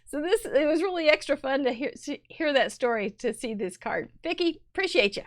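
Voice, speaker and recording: A woman's voice: high-pitched, animated, a little fast. A middle-aged woman with a Midwestern American accent hosting a live crafting show, chattily reviewing viewer cards with puns and restarts. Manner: chatty and punny, rambling with restarts.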